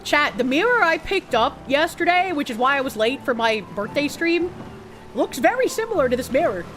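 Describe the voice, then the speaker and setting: A woman's voice: high voice, big pitch swings, normal speed, a bit bright. A woman streamer giving playful, chatty commentary over a game. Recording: game music playing behind.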